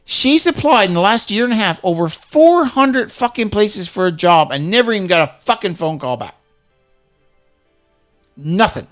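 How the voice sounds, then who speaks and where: A man's voice: sits high, expressive, normal speed, a bit bright, faint music behind. A middle-aged man in casual chat, ranting heatedly and swearing constantly.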